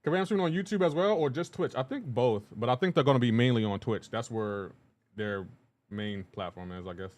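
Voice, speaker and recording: A man's voice: mid-range voice, a little fast, darkish tone. Chatty male streamer reading chat. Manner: greets viewers by name, upbeat, laughs often. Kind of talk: casual live-stream chat.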